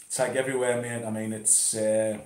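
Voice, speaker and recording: A man's voice: lowish voice, level tone, fairly quick, darkish tone, echoey room. A man chatting casually and laid-back about pipe smoking, swearing now and then, at home in his conservatory. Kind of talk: casual chat.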